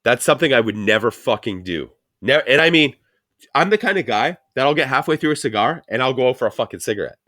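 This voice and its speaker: A man's voice: medium pitch, lively intonation, pushed and bright, no echo, clean studio sound. Blunt swearing male podcast host. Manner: blunt, heavy swearing, fast ranting. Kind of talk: casual profane chat.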